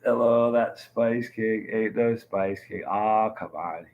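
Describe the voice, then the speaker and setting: A man's voice: on the low side, takes it slowly, phone-quality sound. A man hosting a live stream, chatting casually and greeting viewers by name as he reads their comments. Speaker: livestream host.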